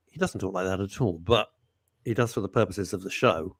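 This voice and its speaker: A man's voice: fairly low pitch, animated, a little fast, slightly rough, dry recording, studio quality. A man hosting a live radio show, rambling and joking as he greets listeners. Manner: rambling, jokey, reads out listener messages. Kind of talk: chatty live radio banter.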